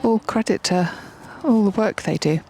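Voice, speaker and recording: A woman's voice: mid-range voice, normal speed, darkish tone. A woman filming outdoors at a windy, wet showground, chatting through a casual commentary and calling encouragement to the horse.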